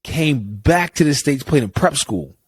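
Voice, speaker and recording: A man's voice: a little high, lively intonation, unhurried, slightly rough, no room sound. A young man, podcast co-host, talking casually in a laid-back way with casual swearing. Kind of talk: casual chat.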